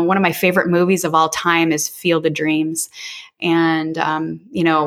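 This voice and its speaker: A woman's voice: fairly low pitch, a bit bright. Frank, casual woman in her forties. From Illinois, US. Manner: frank and casual, with mild swearing. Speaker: podcast guest. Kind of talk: candid personal storytelling.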